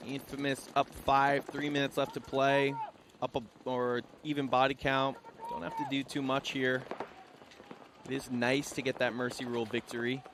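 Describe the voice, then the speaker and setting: Man, sports commentator, from Rhode Island, energetic live calls, mid pitch, faint outdoor background hum. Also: normal speed. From Rhode Island, US Northeast. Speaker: play-by-play commentator.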